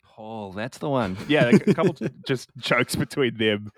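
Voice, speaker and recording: A man co-hosting a casual film chat, relaxed and rambling, laughing along as he talks. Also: mid-range voice, moderate pace, no echo, studio quality. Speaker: podcast co-host.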